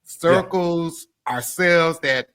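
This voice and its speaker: Man, podcast guest, bright voice, slightly high, earnest and reflective. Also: very slow, clear, resonant tone. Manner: earnest, reflective faith talk. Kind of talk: casual chat.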